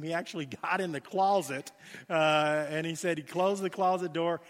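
Male pastor, sermon delivery, slightly high voice, storytelling style, long hall reverb. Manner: storytelling, animated then hushed for prayer.

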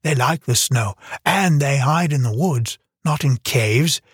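In an audiobook, a man voices a moody, proud twelve-year-old boy who answers curtly, sulkily and defiantly. His medium-pitched voice is husky and animated but slow, recorded clean in the studio with no room sound.

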